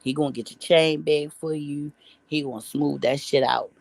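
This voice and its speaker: A woman's voice: deep voice, fairly even intonation, normal speed, vocal fry, a little mellow, dry recording. Blunt, profane woman vlogger, dry sound. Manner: profane, blunt and heavy on slang; rambling, with restarts and asides. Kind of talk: casual commentary storytelling.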